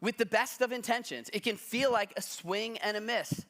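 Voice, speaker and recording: Bright-voiced man preaching, lightly humorous. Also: high voice, moderate pace. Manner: conversational storytelling with self-deprecating humor. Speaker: pastor. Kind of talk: sermon. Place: church sanctuary.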